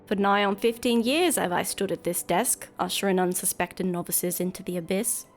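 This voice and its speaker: A woman's voice: medium pitch, normal speed, soft background music, close to an everyday voice. A woman voicing a weary, stern female receptionist in a game, with a put-on accent and a solemn delivery.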